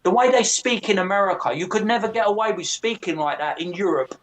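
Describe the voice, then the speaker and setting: A man's voice: high voice, quick pace, a little hiss or hum. A man in casual chat, telling stories with lots of swearing and mimicking other people's voices. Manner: profane, animated storyteller who mimics others.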